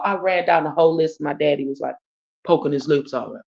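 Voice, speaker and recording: A Detroit woman with a low, creaky, darkish voice talks briskly on her home livestream, recounting a casual story. She doesn't hold back: profanity, slang and constant call-outs to viewers, captured in dull, lo-fi stream sound.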